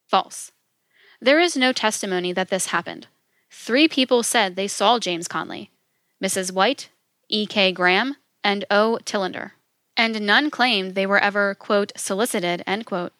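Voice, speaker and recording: A woman narrating a script in a measured, even reading, stating each point plainly and in turn. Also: mid-range voice, no room sound, studio quality. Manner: measured, flat reading of quotes and rebuttals.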